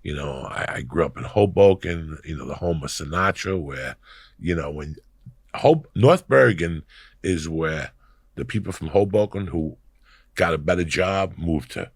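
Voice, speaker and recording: A middle-aged man tells profane, animated stories as a podcast guest, acting out the voices of the people in them. His voice sits very low, with a gravelly, husky rasp. The sound is close and dry. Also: unhurried, no echo. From New Jersey, USA. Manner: profane, animated storyteller who acts out quoted voices. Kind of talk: storytelling in casual chat.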